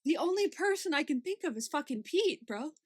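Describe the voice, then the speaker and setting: A woman's voice: high voice, brisk, no room sound, clean studio sound. A young woman co-hosting a podcast, chatting casually and laughing often as she recaps a series. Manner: animated, swearing, laughing often. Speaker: podcast co-host.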